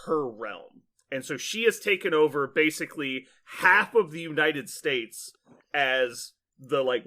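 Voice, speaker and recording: Animated, laughing man recapping a story. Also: on the high side. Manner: animated storyteller, acts out lines, laughs often, many fillers. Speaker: podcast host. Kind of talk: casual chat, recapping a cartoon plot.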